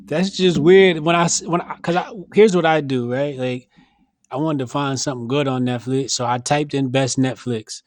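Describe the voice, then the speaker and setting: A man's voice: medium pitch, normal speed, no room sound. Blunt, slangy man with a dry close sound. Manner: blunt, slangy, animated banter, laughs often. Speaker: podcast host. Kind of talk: casual podcast chat.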